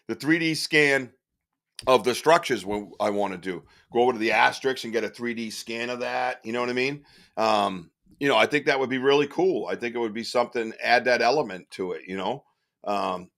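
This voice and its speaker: A man co-hosting a podcast in casual chat, telling stories animatedly and swearing freely. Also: mid-range voice. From northern US. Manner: animated storyteller, swears freely, loud outbursts. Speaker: podcast co-host.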